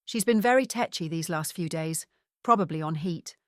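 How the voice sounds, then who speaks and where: A woman voicing a stern, posh lady in her late sixties, who talks in a crisp, clipped way and barks orders, in an audiobook. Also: deep voice, moderate pace, no room sound, studio quality, natural voice. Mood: brusque. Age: 60s.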